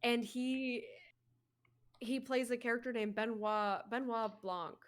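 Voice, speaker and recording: A woman's voice: on the high side, little pitch movement, slow. An American woman chatting casually on a game stream, rambling with lots of fillers and restarts. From United States. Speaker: co-streamer guest.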